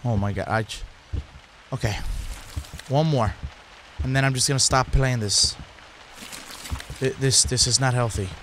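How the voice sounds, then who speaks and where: A man with a hoarse, sick voice, giving jumpy, swearing commentary on a horror game. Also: mid-range voice, a little slow, pauses often, fairly bright tone, slight background noise. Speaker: gaming channel host.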